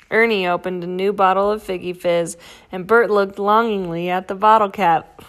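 A woman reads a children's picture book aloud at a mid pitch. Her storytelling is gentle and clear, paced for young listeners. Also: steady tone, normal speed. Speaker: storybook reader.

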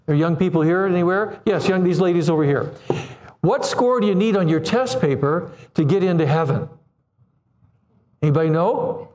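A man in his seventies preaching a sermon, animated, acting out quoted voices and putting questions to the congregation. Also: sits high, normal speed. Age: 70s.

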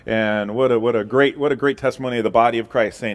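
A man's voice: mid-range voice, quick pace, few pauses. A middle-aged man preaching a sermon as pastor, casual and joking in his announcements.

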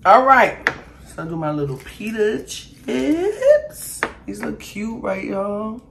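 A woman's voice: medium pitch, sing-song, takes it slowly, creaky, background noise. A woman vlogging as she cooks and eats. She chats straight to viewers as "y'all" and brags playfully about her food while she tastes it. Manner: talks while tasting and eating. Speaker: cooking vlogger. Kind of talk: casual cooking and eating vlog.

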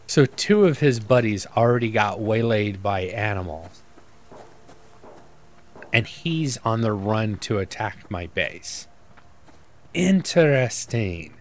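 A man's voice: lowish voice, lively intonation, takes it slowly, pauses often. Rambling man narrating his gameplay. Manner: rambling, self-mocking, thinks aloud. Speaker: gaming YouTuber. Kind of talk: casual let's-play commentary.

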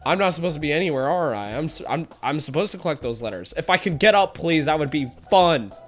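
A woman's voice: low voice, animated, fast, faint music behind. Goofy woman narrating her gameplay. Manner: goofy, self-mocking, reacts loudly. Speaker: gaming video creator. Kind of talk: casual let's-play commentary. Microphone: headphones.

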